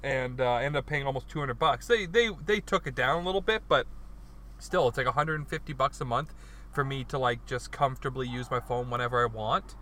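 A man chats in a rambling, easygoing way and often restarts his sentences. His voice is bright and forceful, with faint hiss in the background. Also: mid-range voice, brisk. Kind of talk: casual chat.

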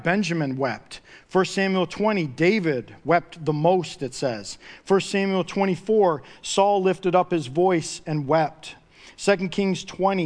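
A pastor with a high-pitched male voice delivers a sermon. He talks to the congregation in a casual, conversational way. He rises into emphatic swells and repeats key phrases for weight.

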